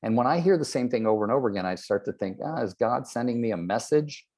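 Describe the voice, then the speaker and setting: A man's voice: medium pitch, lively intonation, quick pace, darkish tone. A man in his sixties, a real estate trainer, giving a motivational talk and acting out the people in his stories. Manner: storytelling, acts out quoted people.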